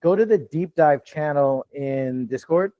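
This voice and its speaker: Here the same kind of voice comes through dull audio with no echo: a man in his fifties, pitched on the high side and unhurried. He's coaching a live online real estate investing Q&A plainly and casually, in a lighter "customer service" register than usual, frequently adding "you know what I'm saying."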